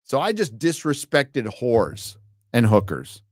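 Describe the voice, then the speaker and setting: A man's voice: medium pitch, wildly swooping pitch, slow pace, a little mellow, no echo, clean studio sound. Profane, sarcastic male stream host. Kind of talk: ranting live stream commentary.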